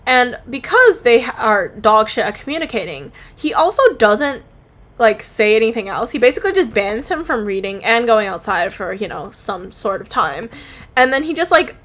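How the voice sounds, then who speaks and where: A woman's voice: fairly high pitch, sing-song, moderate pace, fairly bright tone. A woman casually recounting her comic's story while drawing, rambling with fillers and casual swearing. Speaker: comic artist.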